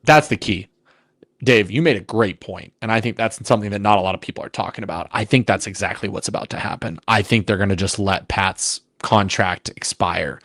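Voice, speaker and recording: A man co-hosting a sports podcast, talking in an animated, emphatic way in long runs. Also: lowish voice, brisk, no room sound, studio quality. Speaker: podcast co-host. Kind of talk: casual sports podcast chat.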